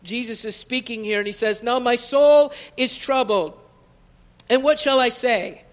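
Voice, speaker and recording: High-voiced preaching pastor, lilt. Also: male voice, a little slow. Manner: preaching with rising intensity, stretching key phrases. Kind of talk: sermon. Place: church sanctuary.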